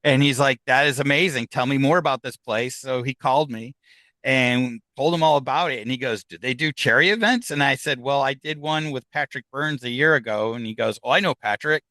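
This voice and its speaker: A man tells of his ghost hunts in an easy conversational way, his tone bright and ringing. The sound is close and dry, with no room around it. He acts out the lines of the people in his stories. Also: mid-range voice, fairly quick, dry recording, low-quality recording. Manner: animated anecdotes, acts out quoted dialogue. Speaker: guest, paranormal investigator. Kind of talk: casual storytelling interview.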